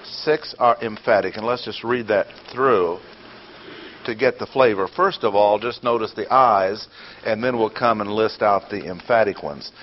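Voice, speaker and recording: A man teaching a Bible lesson in a deliberate, explanatory way, repeating his key points, on a dull lo-fi recording. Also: lowish voice, a little hiss or hum.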